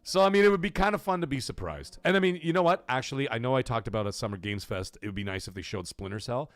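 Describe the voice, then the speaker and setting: A man in his thirties hosting a live gaming stream, chatting and reading viewer super chats, breaking into loud excited shouts. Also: mid-range voice, fast, no echo. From Canada. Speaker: host of a gaming livestream.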